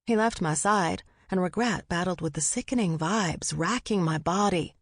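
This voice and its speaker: A woman's voice: fairly low pitch, a little slow, dry recording, studio quality. A woman audiobook narrator reading a first-person story in a wry, conversational way.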